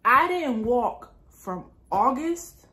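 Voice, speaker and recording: A woman's voice: fairly high pitch, very slow. Chatty young woman telling a story. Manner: animated, chatty retelling full of asides. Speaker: lifestyle vlogger. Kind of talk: casual storytime vlog.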